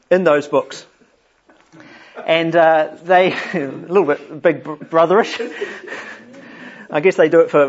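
A man's voice: on the high side, muffled recording. A man leading an informal Bible study for a group, chatty and often chuckling as he explains a psalm.

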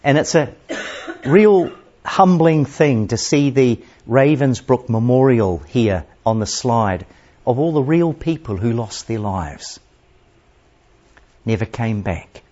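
A man preaching a sermon with dramatic storytelling that swings between loud passages and hushed asides. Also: medium pitch, animated, takes it slowly, lo-fi sound.

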